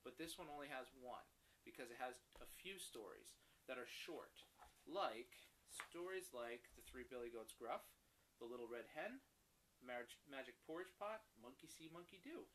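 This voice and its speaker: A father reading a picture book aloud to his young daughter, animated and stopping to explain words. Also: medium pitch, moderate pace, a little hiss or hum, poor audio.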